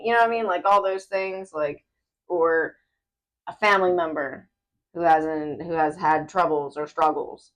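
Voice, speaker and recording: A woman co-hosts a casual podcast chat, telling stories animatedly and laughing often. Her voice is on the low side, and she speaks at normal speed.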